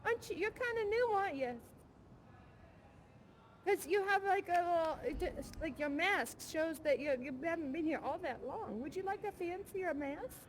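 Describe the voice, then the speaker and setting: A woman's voice: extremely high pitch, expressive, normal speed, slight background noise. A woman playing a bubbly, giggly young woman who longs to bartend, chatting and rambling on through a headset mic in a live virtual reality show. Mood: chatty. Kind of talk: improvised live character chat.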